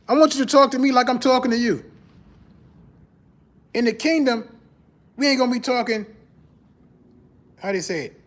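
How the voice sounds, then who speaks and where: A man's voice: moderate pace, long pauses. A man hosting a podcast in casual, conversational faith talk, greeting viewers and repeating his phrases. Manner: animated, rises in pitch when mocking church talk. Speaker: podcast host.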